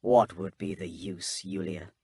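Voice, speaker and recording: A man voicing a grave, secretive male inquisitor, speaking in a measured, reserved, husky voice. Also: low-pitched, steady tone, a little mellow, no room sound, studio quality, pitched below the performer's own voice, exaggerated voice.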